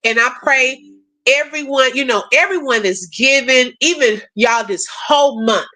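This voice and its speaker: A woman hosts a casual live chat with her viewers, reading their messages aloud and answering warmly with prayers and blessings. Her voice sits high and sounds bright and forceful, and her delivery is animated and emotional, with frequent laughter. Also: measured pace. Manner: animated, laughs often, calls viewers sis and y'all. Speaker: livestream host.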